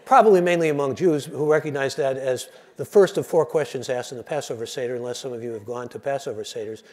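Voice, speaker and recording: A man's voice: medium pitch, quick pace. A man, a radio host, giving a lecture that moves from joke to joke in a conversational, digressive way. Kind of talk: storytelling lecture with jokes.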